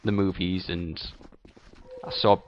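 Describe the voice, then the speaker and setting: A man's voice: deep voice, level tone, slow pace, highs cut off, background noise. A young man giving casual, rambling commentary over a video game walkthrough, often correcting himself mid-sentence. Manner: chatty, rambling, self-correcting. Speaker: gameplay commentator. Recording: game music behind voice. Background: game music and gunfire sounds.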